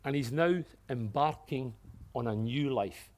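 A man preaching a sermon, swinging from hushed, earnest passages to loud exclamations, with light-hearted asides. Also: medium pitch, unhurried. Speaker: pastor.

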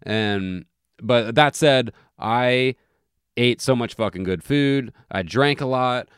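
A man's voice: medium pitch, takes it slowly, a bit bright, clear, resonant tone, no room sound. A man tells a loose, profane travel story, backing up and restarting his sentences as he goes. His voice sits in the middle range. The sound is dry and close, with no room in it. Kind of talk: casual chat.

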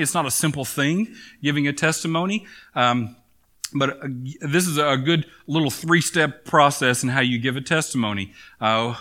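A man preaching with a bright, forceful tone and a voice pitched a little above most men's. He talks to his congregation casually, pausing on fillers and checking in often. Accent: Maine. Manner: conversational preaching with frequent fillers and "okay?" check-ins. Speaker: pastor. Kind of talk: sermon.

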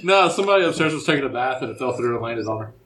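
A man's voice: medium pitch, lively intonation, rapid-fire, a crowd in the background. A man co-hosting a podcast, telling rambling, profane stories in casual chat.

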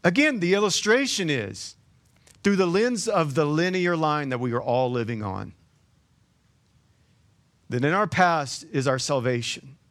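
A man preaching a sermon as the pastor, conversational, with joking asides to the congregation and frequent repeated words. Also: mid-range voice.

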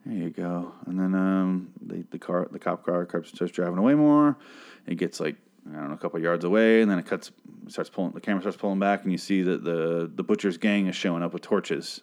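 Rambling, sarcastic low-voiced man. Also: brisk, darkish tone. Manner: rambling, sarcastic, swears a lot. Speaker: show recap host. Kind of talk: casual profane TV recap.

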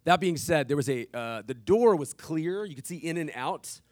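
A man's voice: a little high, expressive, moderate pace, darkish tone, no echo, clean studio sound. A man in his thirties preaching a sermon, telling a family story casually and with humor. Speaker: pastor.

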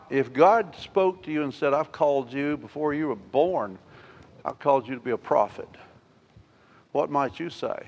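Slow-spoken pastor preaching in a reverberant church. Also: male voice, mid-range voice, slight background noise. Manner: animated, acts out scripture with rising emotion. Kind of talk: sermon.

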